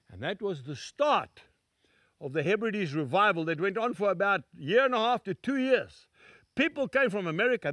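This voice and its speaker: Older guy preaching on a little studio set, folksy and emphatic, bright dry voice. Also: high-pitched, no echo. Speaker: evangelist. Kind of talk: sermon to camera.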